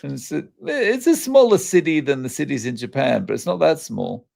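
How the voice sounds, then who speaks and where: Aussie guy hosting a live chat, a bit gravelly, reads out viewer names. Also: mid-range voice, sing-song, normal speed, a little mellow. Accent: Australian. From Scotland, raised in Australia. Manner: chatty, greets viewers by name. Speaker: live show host. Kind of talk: casual live-stream chat. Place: Japan.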